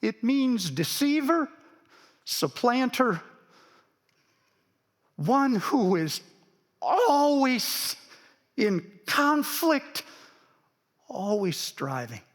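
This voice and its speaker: A male pastor telling a story in a sermon, dropping to a hush and then swelling for emphasis. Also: extremely high pitch, big pitch swings, very slow, pauses often. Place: church sanctuary. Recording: long reverb of a church sanctuary.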